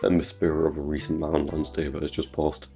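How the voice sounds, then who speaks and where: British man, extremely deep voice, comedic gameplay commentary, crude sarcastic jokes, faint guitar music behind. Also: level tone, fast talker, warm tone. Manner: crude, sarcastic jokey rambling. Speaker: gaming YouTuber.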